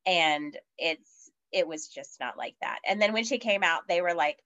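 A woman's voice: lowish voice, animated, normal speed, fairly bright tone. A woman guest on a podcast, telling a personal story in a casual chatty way, with lots of fillers and acted-out quotes. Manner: chatty, many fillers, acts out quoted voices. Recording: dull lo-fi audio.

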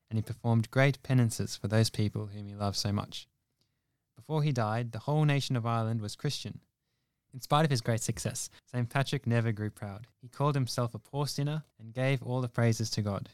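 A young man reading a saint's life story aloud in an earnest, steady way, with a few small fillers. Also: mid-range voice, smooth, no room sound, studio quality. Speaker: presenter reading a saint's biography.

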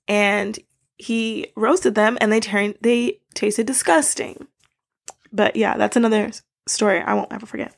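A woman's voice: a little high, moderate pace, vocal fry. A young woman hosting a casual solo podcast, rambling and laughing between fillers. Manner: rambling, giggly, many fillers. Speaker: podcast host.

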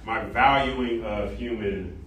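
A man's voice: fairly low pitch, slow, recorded from a distance, a little hiss or hum. Echoey classroom lecture by a man. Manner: animated, asks the class questions, frequent "right?". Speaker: college ethics lecturer. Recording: echoey classroom recorded from afar.

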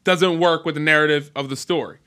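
Young male host for a loose entertainment chat show; bright, lively delivery full of jokes. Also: a little high, brisk, smooth. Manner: joking, animated storyteller who mimics voices. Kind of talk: casual podcast chat.

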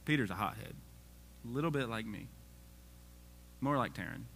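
A man's voice: medium pitch, animated, normal speed, gravelly, a bit bright, a little hiss or hum. A man preaching a casual sermon, reading scripture aloud and joking with the congregation.

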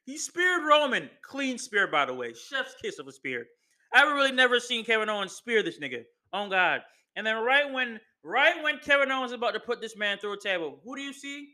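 Bright-voiced man recapping wrestling. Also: extremely high pitch, fairly quick. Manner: profane, slangy, excitable. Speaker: podcast host.

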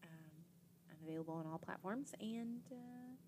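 A woman's voice: lowish voice, normal speed, warm tone, slight background noise. A young woman hosting a podcast, casually recapping an episode in a chatty way, full of "like" and acted-out quotes. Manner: chatty, filler-heavy with frequent "like" and quoted reactions. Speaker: podcast host.

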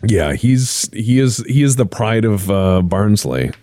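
A man's voice: on the low side, measured pace, no room sound. Guy cohosting a podcast, swears a lot, voice goes all over the place, dry close mic. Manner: animated, swears freely, acts out friends' lines. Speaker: podcast co-host. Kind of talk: casual podcast chat.

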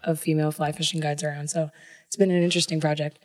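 A woman from Cape Breton, a podcast guest, talking in a relaxed, matter-of-fact way in a room of a big old house. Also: low-pitched, quick pace, no room sound. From Cape Breton, Canada. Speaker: podcast guest, jewelry maker and fly fishing guide. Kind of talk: casual podcast chat.

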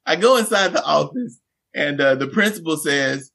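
A man, a teacher and podcast guest, telling a funny classroom story in animated conversation and acting out the quotes. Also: on the high side, normal speed, creaky. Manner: lively anecdotes, acts out quotes.

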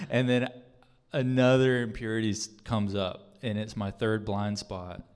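In a church hall, a man shares his personal testimony as a sermon, speaking earnestly and conversationally with plenty of fillers and restarts. His voice is lowish, smooth and slightly dark, with little pitch movement and a somewhat slow pace. The large hall gives the recording a long reverb.

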